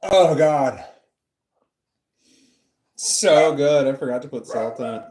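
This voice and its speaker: A YouTuber with a medium-pitched, darkish voice talks slowly to his live chat from an indoor room at home. He rambles and jokes at his own expense while holding his phone at arm's length, and a dog barks in the background.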